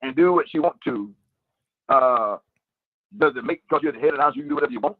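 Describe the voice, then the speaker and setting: A man's voice: a little high, lively intonation, fast talker, husky, no room sound. Brief: male phone caller, emphatic and opinionated, tinny phone line. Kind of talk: casual call-in radio chat.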